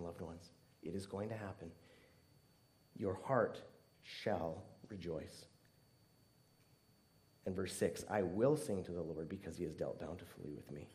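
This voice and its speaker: A man preaching a sermon earnestly, swinging between emphatic stress and hushed, tearful softness. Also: low voice. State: near tears at times.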